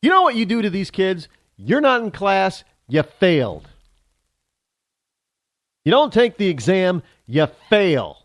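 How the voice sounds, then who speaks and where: A man's voice: sits high, big pitch swings, unhurried, pauses often, fairly bright tone, no echo. A man from the United States hosting a talk show, ranting sarcastically in an opinionated monologue.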